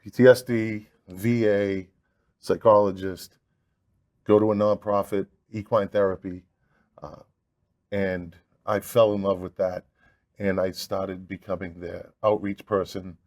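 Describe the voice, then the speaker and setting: Boston-accented man, interview guest, low voice, halting delivery. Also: little pitch movement, a little mellow. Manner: plain-spoken, halting with "uh". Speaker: guest, veteran and nonprofit founder. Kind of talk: casual interview talk.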